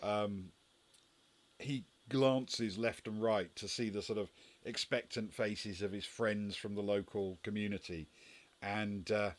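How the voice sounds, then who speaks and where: Low-voiced man narrating a game. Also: fairly even intonation, slow pace. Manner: hesitant, many fillers and restarts. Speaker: game master.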